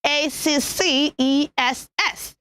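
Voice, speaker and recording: A young woman presenting a children's TV pronunciation lesson, enunciating slowly and deliberately and cheering the kids on. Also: high voice, fairly bright tone. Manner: slow, deliberate teacherly enunciation, encouraging.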